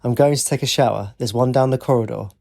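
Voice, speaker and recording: A man's voice: medium pitch, quick pace, vocal fry, darkish tone. A man playing a stern, worried father. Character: worried, protective middle-aged father.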